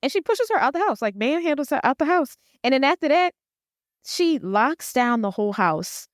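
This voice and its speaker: A woman co-hosting a podcast, recapping a movie in casual chat, animated and swearing as she acts out the characters. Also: high voice, moderate pace, dry recording, studio quality. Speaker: podcast co-host.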